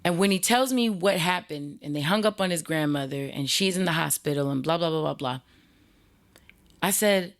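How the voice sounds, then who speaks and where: Low-voiced blunt woman host. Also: normal speed. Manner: blunt and animated, with frequent restarts. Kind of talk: casual storytelling monologue.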